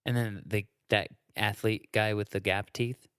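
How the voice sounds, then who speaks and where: A man's voice: on the low side, fairly even intonation, measured pace, fairly bright tone, smooth, dry recording, studio quality. A man, a comedian, joking around in a casual podcast conversation. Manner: jokey, plays with voices and sings comic songs. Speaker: comedian guest.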